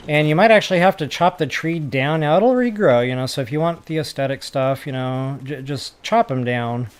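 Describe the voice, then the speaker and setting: A man giving casual gameplay commentary for a building tutorial, chatty and self-mocking as he thinks out loud. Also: fairly high pitch, moderate pace, smooth. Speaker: gaming tutorial creator.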